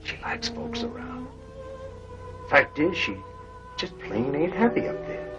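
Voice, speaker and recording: An older actor playing a weathered, tender-hearted prospector in an old western, with folksy frontier talk. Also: male voice, very high-pitched, sing-song, unhurried, exaggerated voice. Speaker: gold prospector. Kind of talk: 1950s film acting. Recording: dull old film soundtrack with music.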